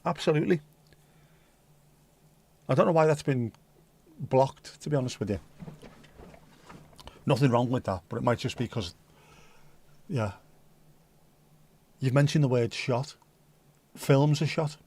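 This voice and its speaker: Hosting a laid-back livestream, this man reads out viewers' comments and chats with them in rambling, deadpan jokes, now and then putting on silly voices. He speaks unhurriedly at a medium pitch, pausing often, his tone warm and slightly rough.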